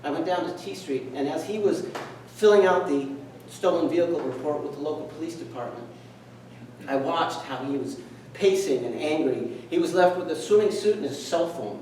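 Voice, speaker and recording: A middle-aged man tells a personal story to a meeting in an earnest, reflective way, slipping into the voices of the people in it. His voice sits a little high for a man. He is heard from some distance in a very echoey hall, with faint room noise behind him. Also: moderate pace, darkish tone. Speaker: speaker. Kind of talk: storytelling speech.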